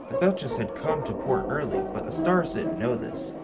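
A man's voice: mid-range voice, lively intonation, moderate pace. Man reading a storybook, music behind. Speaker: narrator. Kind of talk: storybook narration.

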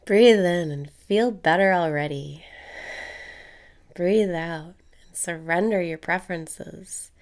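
A woman with a fairly low pitch talks slowly through a guided meditation. Calm and plainspoken, she repeats breathing cues, drops casual swear words, and at moments sinks into breathy whispers.

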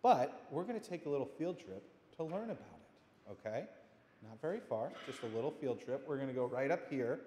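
A man's voice: mid-range voice, lively intonation, fairly quick, warm tone, slight background noise. A man, a pastor, giving a playful children's message in a church sanctuary, speaking simply and encouragingly. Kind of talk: children's message during worship. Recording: echoey hall with long reverb.

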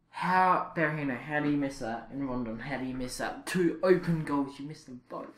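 A young man commentating his own football video game, reacting loudly and with frustration to misses and saves. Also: mid-range voice. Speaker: gaming channel host. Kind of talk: live gameplay commentary.

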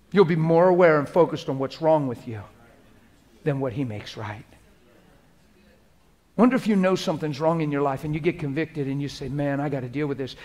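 A man with a notably high voice delivers a sermon as a preacher. He talks in a casual, emphatic way, repeats phrases for effect, and moves between loud exhortation and quiet, prayerful speech.

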